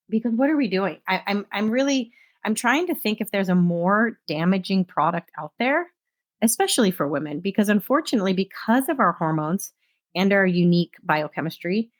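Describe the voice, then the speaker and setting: A woman speaks earnestly on her solo podcast, in a voice that sits a little low for a woman. She sounds impassioned but stays conversational, as if talking straight to her listeners. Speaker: podcast host.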